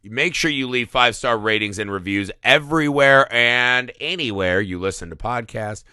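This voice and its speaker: Male podcast host, eager and animated, crisp bright tone, dry close sound. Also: mid-range voice, moderate pace, dry recording. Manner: enthusiastic, animated, swears casually. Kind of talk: casual film podcast chat.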